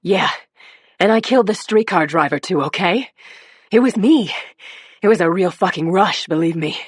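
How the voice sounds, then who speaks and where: A woman's voice: fairly low pitch, lively intonation, normal speed, breathy edge, no echo, clean studio sound. A woman voicing a badly injured young policewoman who screams, cries and curses. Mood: defiant. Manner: screaming, crying, cursing. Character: young woman cop, injured, frantic and defiant.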